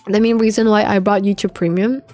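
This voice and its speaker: This young woman from the Philippines talks a little fast while streaming a game, her mid-range voice slightly mellow and fairly even in intonation. She's chatty and loose, curses openly, leans on "like" a lot, and soft music plays underneath.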